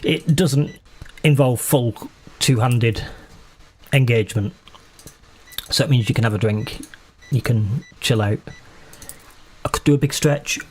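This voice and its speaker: A man's voice: mid-range voice, measured pace, pauses often, darkish tone. A man casually commenting on his own gameplay while streaming, chatty and self-mocking as he talks to himself.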